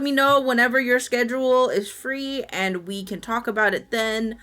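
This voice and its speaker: A woman's voice: on the high side, normal speed, pushed and bright. A woman streamer chatting casually with her viewers, telling rambling stories and swearing casually. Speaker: Twitch streamer.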